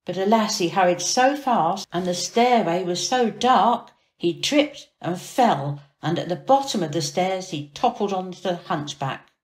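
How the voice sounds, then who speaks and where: A woman reading a children's storybook aloud as storyteller, expressive and dramatic. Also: lowish voice, unhurried, few pauses. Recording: echoey room.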